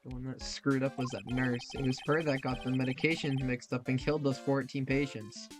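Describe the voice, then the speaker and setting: A young man voicing a cranky, pompous middle-aged surgeon from a courtroom game, grumbling and indignant about everything. Game music plays clearly under the voice, and the delivery stays close to an everyday reading voice. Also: mid-range voice, level tone, fairly quick, natural voice. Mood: grumpy. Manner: grumbling, indignant, self-important. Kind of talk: reading game dialogue aloud.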